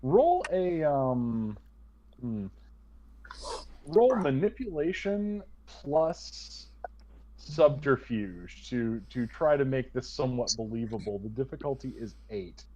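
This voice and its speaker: A man narrating a tabletop game online as game master, in a relaxed, chatty way. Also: mid-range voice, slow, slight background noise. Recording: lo-fi online voice chat.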